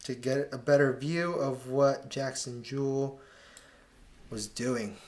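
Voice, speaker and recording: A man's voice: mid-range voice, fairly even intonation, slow pace. A man commentating over match footage in a casual video breakdown, critiquing players with exasperated asides and slang. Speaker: soccer analyst.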